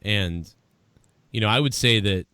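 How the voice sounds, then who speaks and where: A man from the Boston area with a softened Boston accent, hosting a live show in loose, profane, rambling chat. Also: fairly low pitch, unhurried, smooth, dry recording. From Boston area, USA. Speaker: podcast host.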